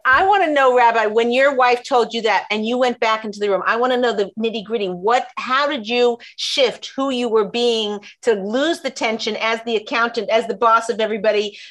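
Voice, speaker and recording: A woman hosting a talk show, talking in an animated, rambling way with frequent restarts. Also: a little high, brisk, hardly any pauses.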